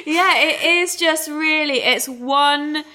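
Woman, casual podcast chat, bright tone, swears freely, higher voice. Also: slow. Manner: swears freely, mocking mimicry. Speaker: podcast co-host.

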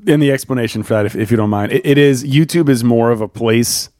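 A man's voice: medium pitch, quick pace, a little mellow, no echo, clean studio sound. A man co-hosting a family podcast, talking casually with wry, mock-offended banter. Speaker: podcast co-host. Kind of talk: casual chat.

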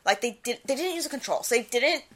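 Bright, giggly young woman co-host. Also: high-pitched, fast. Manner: giggly, animated, breaks into loud quoted yelling. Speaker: podcast co-host. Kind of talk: casual podcast chat.

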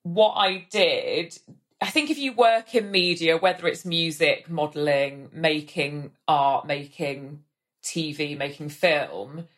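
A woman's voice: deep voice, measured pace. Rambling woman telling stories. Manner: rambling storyteller, acts out quoted voices. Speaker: guest. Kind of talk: casual podcast chat.

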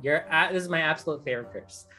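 A woman's voice: deep voice, quick pace, pushed and bright, soft background music. A woman running a tabletop game as dungeon master, explaining rules with many fillers and restarts.

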